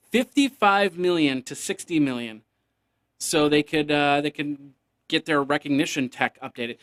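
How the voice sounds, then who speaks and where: A man's voice: a little high, a bit bright. A man hosting a casual solo tech news podcast, rambling and joking, now and then making beeping computer noises.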